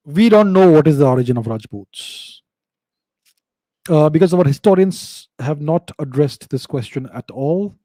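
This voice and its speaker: A man's voice: on the high side, fairly quick, mellow, no room sound. A middle-aged man, hosting a live question-and-answer stream and explaining points emphatically with frequent hesitations. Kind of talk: live Q&A talk.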